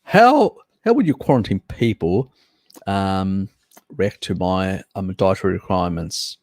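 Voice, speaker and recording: A relaxed man hosts a live stream and chats easily with the viewers reading his comments. His voice sits a little low and he takes his time with each phrase. The sound is dry and close, with no room around it. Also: unhurried, no echo. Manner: chatty, laughs often, addresses viewers as mate.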